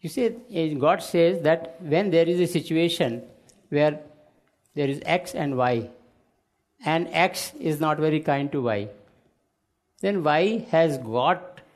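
A male panelist explains his point in a measured, unhurried way. His voice sits a little high for a man, and he takes his time over each phrase. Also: a little mellow.

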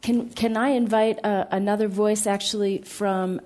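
A woman's voice: mid-range voice, fairly even intonation, moderate pace, darkish tone. A woman moderating a panel who cuts in politely and tentatively.

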